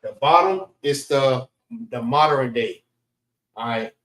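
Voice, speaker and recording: This man's mid-pitched voice moves at a slow pace and carries a fairly bright tone. He's teaching a class online in a relaxed, conversational lecture, repeatedly checking on his listeners with "all right." The recording is reverberant and low in quality.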